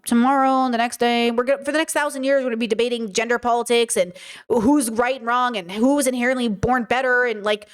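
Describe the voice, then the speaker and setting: A woman giving reaction commentary, chatty and direct as she lectures her viewers. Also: high voice. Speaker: commentary vlogger.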